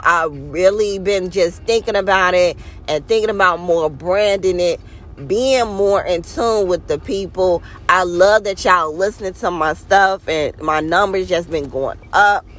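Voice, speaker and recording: Slow, earnest woman podcast host. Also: on the low side, a bit bright. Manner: heartfelt, earnest, preachy. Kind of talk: casual inspirational monologue.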